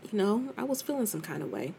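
A woman's voice: mid-range voice, animated, fast, creaky, dark tone, a little hiss or hum. A middle-aged woman talking candidly and conversationally as a host, speaking straight to her listener and calling her "girl". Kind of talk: casual confessional talk.

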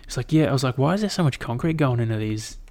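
Young aussie bloke rambling to his mic, swears heaps, mid-pitched voice. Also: fast talker. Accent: Australian. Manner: rambling, swears a lot, animated retelling. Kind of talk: casual solo chat.

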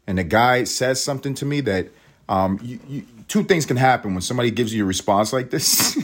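A man hosting a podcast, telling a story in an animated way and swearing constantly. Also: lowish voice. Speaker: podcast host. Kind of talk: storytelling monologue.

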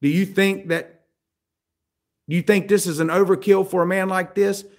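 A man preaching in a fairly high voice, throwing questions to his listeners and slipping into the voices of the people he talks about. His pitch climbs and his volume swells when he presses a point, then drops low for the grave parts. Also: level tone, moderate pace. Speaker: pastor. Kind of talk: sermon.

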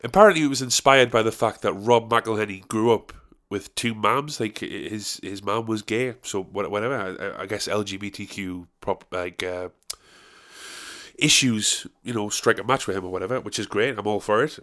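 A man's voice: fairly low pitch, moderate pace, fairly bright tone. A man, talking alone in a rambling, chatty and self-mocking way with some swearing. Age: 30s. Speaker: comedian and musician. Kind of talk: casual solo monologue.

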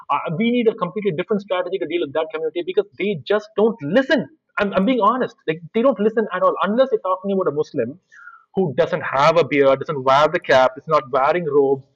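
A man, an activist guest telling blunt, animated stories in a casual interview. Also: high voice, brisk, dull audio. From India.

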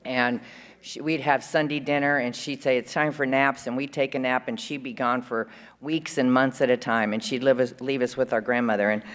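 A woman's voice: rumbling low, steady tone, moderate pace. Chatty woman speaking in a big hall. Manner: chatty, rambling, fond, with frequent fillers and laughs. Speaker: conference speaker. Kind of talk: recovery share at a conference. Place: conference hall.

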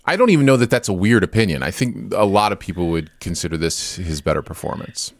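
A man's voice: sits low, lively intonation, fast, dry recording. A young man co-hosting a movie podcast, enthusiastic and affirming with a playful streak. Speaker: podcast co-host. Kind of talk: casual movie chat.

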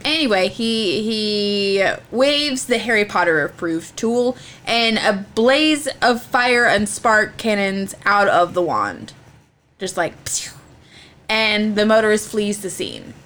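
A woman's voice: mid-range voice, expressive, slow, hardly any pauses, fairly bright tone. Podcast co-host, woman, casual joking storyteller, swears freely. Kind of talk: casual chat, retelling a legend.

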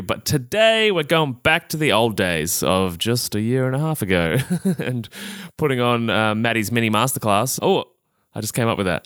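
A man's voice: medium pitch, fairly bright tone, no room sound, clean studio sound. A young Australian man hosting a solo health podcast, talking in a chatty, upbeat and self-amused way with plenty of fillers. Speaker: podcast host.

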